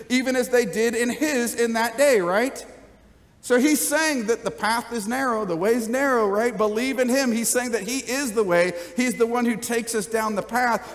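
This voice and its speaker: Guy pastor preaching, chatty, keeps going "right?", pretty high voice, long church reverb. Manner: conversational, keeps asking "right?", jokes with congregation. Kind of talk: sermon. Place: church sanctuary.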